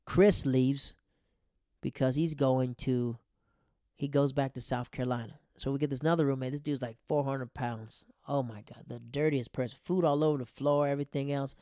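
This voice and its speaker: Warm-voiced man telling a slangy story. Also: medium pitch, normal speed, no room sound, studio quality. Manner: animated, slangy, laughs often. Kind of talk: casual storytelling.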